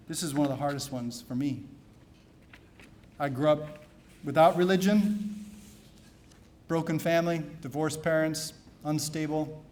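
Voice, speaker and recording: A man, a priest, giving a keynote talk at a conference, telling stories softly and then preaching loud and emphatic. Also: a little high, fairly even intonation, measured pace, long pauses. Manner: storytelling, shifting from soft confiding to loud emphatic preaching. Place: conference hall.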